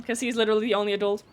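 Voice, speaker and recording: A chatty woman streams a video game live and talks casually with her viewers. Her voice sits a bit higher than most, and her manner is blunt, with casual swearing mixed in. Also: vocal fry, a little hiss or hum. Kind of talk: casual live gameplay commentary.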